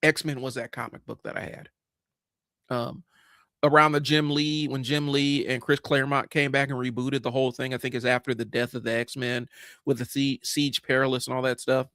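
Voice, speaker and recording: A man in his forties runs a livestream, offering loose, blunt takes on comics with occasional cursing and plenty of fillers and restarts. His mid-range voice is slightly bright and level, moving at a moderate pace, with no echo.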